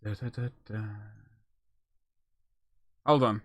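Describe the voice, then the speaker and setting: A man's voice: medium pitch, expressive, normal speed, fairly bright tone, no echo, clean studio sound. Jokey rambling male streamer. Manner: rambling, jokey, self-mocking asides. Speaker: streamer painting miniatures. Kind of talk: casual live-stream chat.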